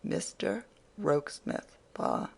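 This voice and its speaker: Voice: mid-range voice, moderate pace, vocal fry. An audiobook reader voicing a spirited, teasing young woman who scolds her father playfully.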